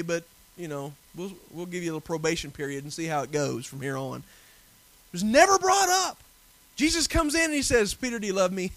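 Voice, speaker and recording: A man preaching a sermon earnestly, building at times to forceful emphasis. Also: very high voice, dry recording. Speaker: pastor.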